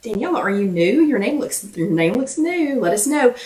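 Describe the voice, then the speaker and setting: A woman with a Southern US accent hosts a live chat, talking fast and greeting viewers by name, her voice still slightly irritated. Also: a little high, sing-song, a little mellow, roomy sound, far from the mic. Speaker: host of a live weight-loss chat.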